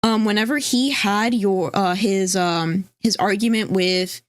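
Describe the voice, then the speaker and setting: A woman's voice: medium pitch, unhurried, dry recording, clean studio sound. A woman co-hosting a casual livestream, rambling, reading chat aloud and swearing casually. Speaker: stream co-host.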